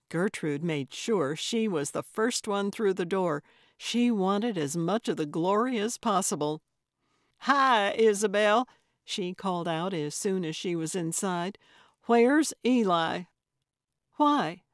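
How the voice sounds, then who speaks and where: A woman narrating a cozy mystery audiobook in a measured, even manner. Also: lowish voice, no room sound, clean studio sound. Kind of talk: scripted narration.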